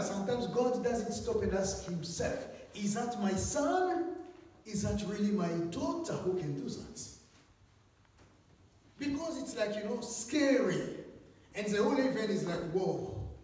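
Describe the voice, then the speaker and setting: A man preaching a sermon in a church hall, swinging between loud animated passages and hushed ones. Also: sits high. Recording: echoey church hall, mic from far off.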